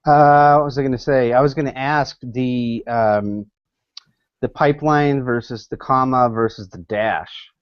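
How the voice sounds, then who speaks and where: A man's voice: medium pitch, steady tone, measured pace, clear, resonant tone, dry recording. A man on a panel in a casual web show, hesitant as he searches for his words. The sound is dull and lo-fi, coming over a video call. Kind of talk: casual online show discussion.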